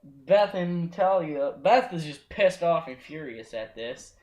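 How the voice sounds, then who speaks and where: A young man with a fairly high voice hosts casually and keeps the rundown moving in a laid-back way. He sounds like he is in an echoey room. The feel is loose and unpolished. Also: animated, unhurried, darkish tone, slight background noise. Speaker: podcast host. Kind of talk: casual chat recapping wrestling.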